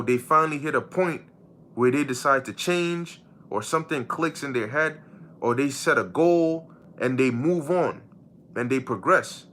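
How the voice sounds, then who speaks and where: A man's voice: medium pitch, bright, forceful tone. A man giving an informal, conversational Bible teaching, often repeating words and asking the listener questions. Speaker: preacher.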